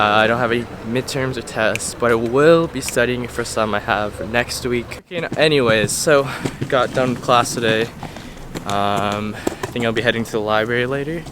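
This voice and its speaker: A young college guy talks straight to a handheld camera as he goes about his day, casual and full of slang. His voice sits at an ordinary middle pitch. Steady street and room noise runs clearly behind him. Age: young adult. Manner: chatty, laid-back, slangy. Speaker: college student vlogger. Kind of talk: casual vlog narration. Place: around a college campus, indoors and out.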